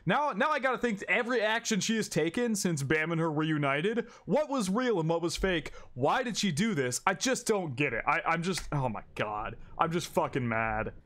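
A man's voice: fairly high pitch, expressive, moderate pace, hardly any pauses, a bit bright. A man reacting to an anime, casual and exasperated, repeating himself and swearing often.

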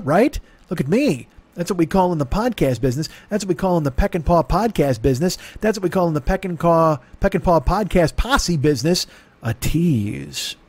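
Man, comedy podcast host, rambling and profane, slightly high voice, dry close sound. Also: a little mellow, dry recording. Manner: rambling, self-mocking, profane, talks in circles.

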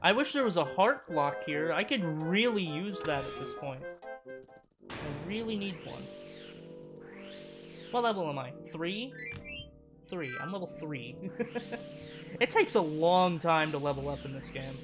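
A woman's voice: deep voice, expressive, normal speed, pauses often. A woman streaming a game, chatting to herself and laughing at her own moves. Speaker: let's play streamer. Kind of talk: casual gameplay commentary. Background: game music.

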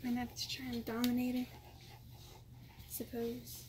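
A woman with a slightly high voice speaks quietly from away from the mic in a home. Her remarks come as soft asides. Clear room noise sits behind her. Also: monotone, slow pace.

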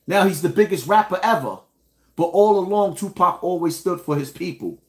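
A man with a fairly high voice delivers an indignant commentary rant, speaking straight to his viewers. His talk is emphatic, with pointed rhetorical questions. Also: moderate pace. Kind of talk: ranting reaction commentary.

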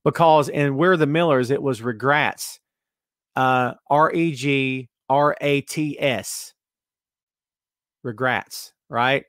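A podcast host with a medium-pitched voice reads out listener comments and answers them with sarcastic asides, speaking at a measured pace with hardly any pauses. He's animated, swinging from loud asides to muttering. The recording is clean studio sound with no room sound.

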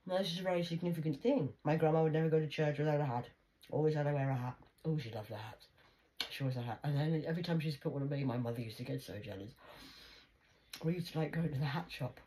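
A woman's voice: low voice, fast, warm tone, a little hiss or hum. A woman rambling casually about family memories, chatty and jokey, with frequent swearing. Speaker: vlogger. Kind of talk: rambling personal monologue.

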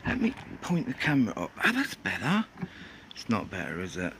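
A man's voice: on the low side, huge pitch swings, fairly quick, bright, forceful tone, slight background noise, rough recording. A man from England rambling through a casual outdoor shoe review, joking and swearing under his breath as he films on a cold day. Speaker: sneaker reviewer.

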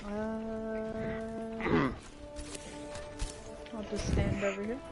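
A man chiming in on a gaming voice chat with quick, short reactions and easy laughter. Music plays clearly behind him. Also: sits high, completely flat delivery. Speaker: teammate on voice chat. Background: music playing.

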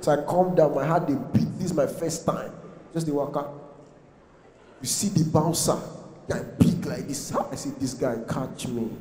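A young Nigerian-accented man with a slightly high voice performs stand-up at normal speed, with a bit of hiss or hum in the recording. Before a live audience in a large comedy venue, he tells stories animatedly, slipping into pidgin and acting out the voices of the people in them, his words echoing through the hall.

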